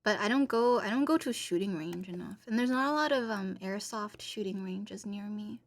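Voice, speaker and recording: A woman's voice: medium pitch, a little fast. A woman streamer in casual chat, reading and answering chat, playful and rambling with frequent giggles.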